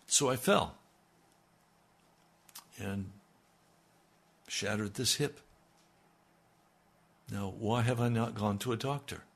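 Older male radio pastor, low-pitched and gravelly, slow earnest delivery. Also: fairly bright tone. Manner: slow, earnest, dropping to near-murmurs. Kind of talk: radio sermon.

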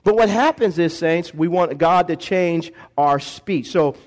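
A man pastor preaching a lively sermon in a church, acting out voices and calling for responses from the congregation. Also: on the high side, measured pace. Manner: animated preaching, acts out voices, call-and-response.

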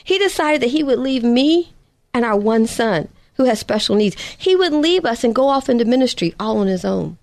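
A woman's voice: fairly high pitch, expressive, moderate pace, darkish tone, no room sound. A woman voicing a tearful middle-aged wife calling in, with an earnest, emotional retelling. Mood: grieving.

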